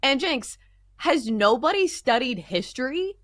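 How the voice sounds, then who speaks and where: A woman's voice: high voice, very animated, measured pace, a bit bright, dry recording, clean studio sound. A woman co-hosting a sports show, talking in chatty, playfully indignant rambles full of fillers. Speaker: co-host. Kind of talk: casual studio banter.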